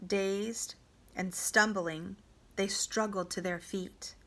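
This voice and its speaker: A woman reading a novel aloud to students, with a deliberate, dramatic delivery. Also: medium pitch, fairly even intonation, fairly bright tone. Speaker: reader for homeschool students.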